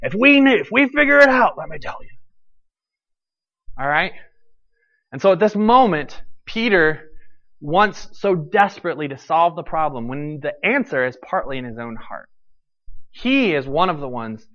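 A male pastor preaching with animated storytelling and a fairly high voice. He acts out the lines of the people in his story. The sound is dull and slightly lo-fi. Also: normal speed, pauses often. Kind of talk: sermon.

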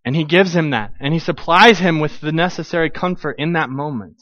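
A man with a somewhat high voice preaches in a loose, conversational way. He acts out quoted voices and restarts his sentences often. The sound is dry and a little dull. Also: brisk, a bit bright, no echo. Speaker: pastor. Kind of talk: conversational sermon.

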